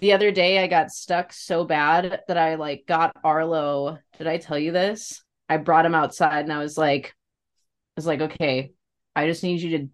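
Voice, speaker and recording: A young woman co-hosting a podcast, telling a rambling story in casual chat and swearing freely. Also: low-pitched. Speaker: podcast co-host.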